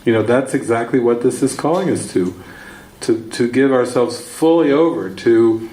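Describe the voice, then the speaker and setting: A man's voice: mid-range voice, moderate pace, warm tone. A man giving a spiritual teaching talk, telling a story and repeating words for emphasis. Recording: echoey room, faint ambience.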